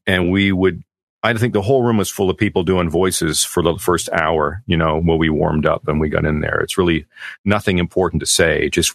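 A middle-aged man with a low voice tells stories as an interview guest. He rambles in an animated way and slips into character voices now and then. The sound is dry and close. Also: vocal fry, no room sound. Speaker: voice actor guest. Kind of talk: casual storytelling in an interview.

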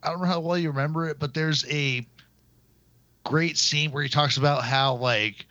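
A man's voice: on the high side, fairly even intonation, normal speed, pushed and bright, no room sound, muffled recording. A man co-hosting a casual movie chat, rambling with lots of filler words and swearing.

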